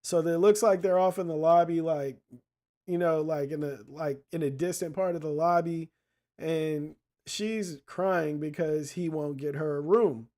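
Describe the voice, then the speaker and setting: A man's voice: fairly high pitch, measured pace, dark tone. A man hosting a casual commentary show, talking bluntly with lots of swearing and street slang as he retells a story and gives advice. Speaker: podcast host.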